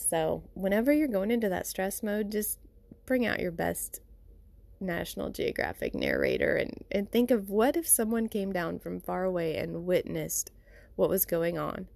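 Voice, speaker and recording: A woman's voice: fairly low pitch, gravelly, a little mellow, no echo. A woman hosting a podcast, talking in a rambling, informal and reflective way and often saying "you know" and "you guys" while recording at home. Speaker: podcast host. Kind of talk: casual reflective monologue.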